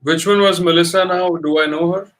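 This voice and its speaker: A man's voice: high-pitched, fairly even intonation, fairly quick. A man in casual chat who teases and laughs easily, with a melodic way of speaking.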